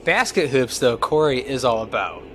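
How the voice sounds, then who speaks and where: A man's voice: mid-range voice, big pitch swings, moderate pace, noisy background. A man hosting a podcast in casual chat, jokey and rambling. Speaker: podcast host.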